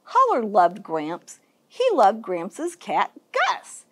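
A woman children's librarian reading a picture book aloud for story time, in an expressive, sing-song storytelling manner. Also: mid-range voice, takes it slowly, breathy edge.

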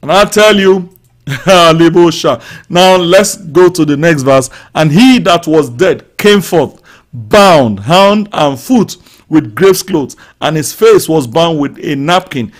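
Man, pastor, high-pitched voice, fervent live sermon, shouts and loud prayer, speaks in tongues. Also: expressive, slow pace. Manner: speaks in tongues and prays aloud over listeners.

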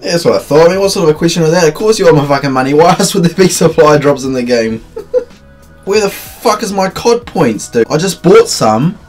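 A man giving gaming commentary from home late at night, loud and profane, ranting and laughing as he plays. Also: on the high side, animated, brisk, soft background music. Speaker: gaming video creator.

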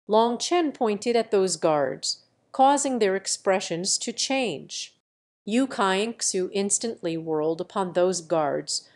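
A woman narrating a translated fantasy novel in a steady, even reading style. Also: mid-range voice. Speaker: audiobook narrator.

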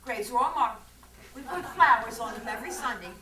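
A woman's voice: on the high side, lively intonation, fairly quick, a crowd in the background, close to an everyday voice. A doting old spinster aunt, as a woman plays her. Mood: sweet, doting. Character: sweet elderly spinster aunt. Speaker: stage actor. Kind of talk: amateur stage play. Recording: echoey stage, far mic, light noise.

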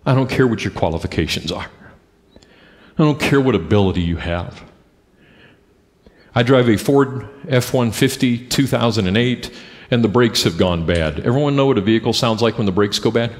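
A middle-aged man preaching a sermon as pastor, talking in a lively, conversational way and putting questions to the congregation. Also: mid-range voice, moderate pace. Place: church sanctuary with congregation. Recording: long church hall reverb.

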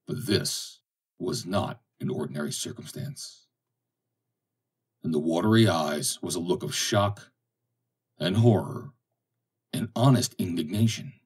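A man narrating an audiobook in a steady, deliberate reading style. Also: low-pitched, husky.

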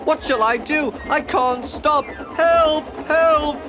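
A man's voice: medium pitch, wildly swooping pitch, normal speed, over music. A man voicing a boastful young steam engine. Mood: panicked. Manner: cocky, then panicky and meek. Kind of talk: storybook narration.

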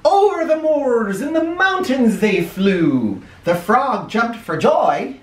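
A man reading a children's picture book aloud in a playful, animated way. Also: high voice, slow pace. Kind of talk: read-aloud storytelling for kids. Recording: echoey room, mic at a distance.

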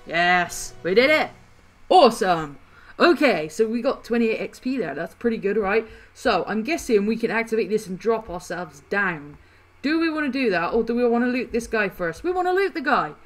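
A woman with a fairly high voice talks her way through a video game, chatty and easily excited. She laughs often and reacts loudly to what happens on screen. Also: moderate pace, faint music behind. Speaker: gaming channel host. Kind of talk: casual gameplay commentary.

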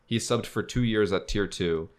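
A man's voice: lowish voice, normal speed. A young man co-hosting a podcast in casual chat, telling gaming stories with quoted voices and frequent laughter. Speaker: podcast co-host and streamer.

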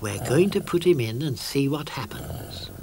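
A British man voicing an excitable young male troll creature in a storybook cartoon, talking in eager, boastful bursts. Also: mid-range voice, unhurried, vocal fry, background noise. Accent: British English.

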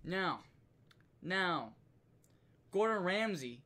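Brief: male streamer, profane animated rant, slightly high voice. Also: drawn-out words. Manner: profane, animated, laughs often. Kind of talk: casual ranting commentary.

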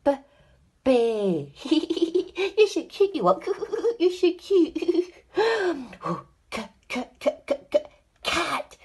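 A woman's voice: high-pitched, sing-song, very slow, darkish tone, exaggerated voice. A woman voicing a cheerful, curious little male toy friend in a children's alphabet sing-along, talking in a sing-song way and gasping with delight.

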